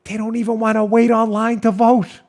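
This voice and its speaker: High-voiced mocking male talk host. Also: little pitch movement, moderate pace, darkish tone. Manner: mocking, laughing hard at own jokes. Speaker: podcast host. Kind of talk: political talk show commentary.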